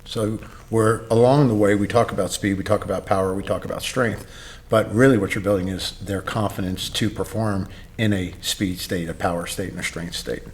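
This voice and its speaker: Man, middle-aged, from Brooklyn, fairly low voice, animated storyteller, casual interview guest. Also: normal speed. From Brooklyn, New York. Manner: animated storyteller acting out dialogue. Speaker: gym owner, podcast guest.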